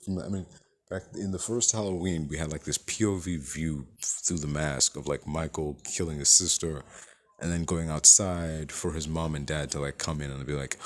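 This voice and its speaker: A man's voice: a bass voice, steady tone, normal speed. A man giving a rambling, profane spoken movie review and acting out characters' lines as he goes.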